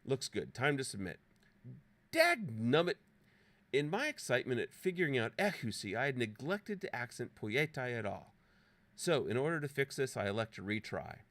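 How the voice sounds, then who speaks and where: A man's voice: medium pitch, very animated, brisk, a bit bright. A man presenting an app walkthrough as a scripted, playfully dramatic voice-over narration with theatrical exclamations. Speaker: presenter demonstrating a teaching app.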